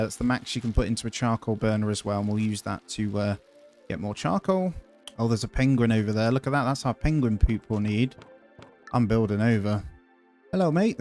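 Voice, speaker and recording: A man's voice: medium pitch, darkish tone. A man giving casual, chatty commentary as he plays a video game, thinking aloud and easily delighted. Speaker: gaming video host.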